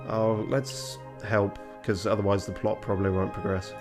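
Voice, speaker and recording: A man's voice: on the low side, little pitch movement, moderate pace, few pauses, soft background music. A man giving casual, wry, self-mocking commentary while streaming a video game.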